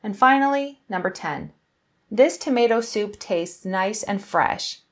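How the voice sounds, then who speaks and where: A woman English teacher giving a scripted grammar lesson, speaking clearly and deliberately and acting out example sentences with feeling. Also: medium pitch, animated.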